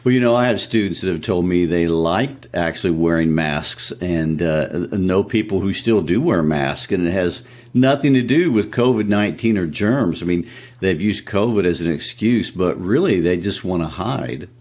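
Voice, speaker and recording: A man with a very low voice co-hosts a literature podcast and also teaches. He chats in an easygoing, casual way. He answers questions with relaxed, plain remarks. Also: moderate pace. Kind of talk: casual chat.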